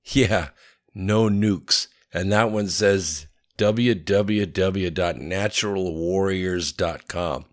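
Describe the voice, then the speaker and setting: A man's voice: low-pitched, slow pace. A man voicing an eager, chatty young man.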